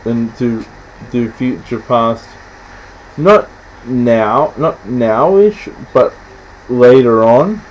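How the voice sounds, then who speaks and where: A man in casual film chat, rambling and halting, often stopping to restart, acting out scenes in quick quoted voices. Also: mid-range voice, a little hiss or hum, low-quality recording. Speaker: podcast host.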